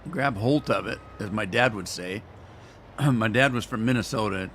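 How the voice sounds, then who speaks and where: A man's voice: fairly low pitch, normal speed, a bit bright, a little hiss or hum. Chatty man rambling over gameplay. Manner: rambling, folksy, chatty asides while playing. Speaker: gaming channel host. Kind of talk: casual let's-play commentary.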